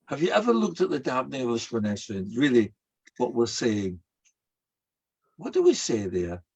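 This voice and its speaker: Husky older rabbi telling stories. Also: male voice, mid-range voice, fairly quick. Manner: animated, acts out quoted voices. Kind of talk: storytelling sermon.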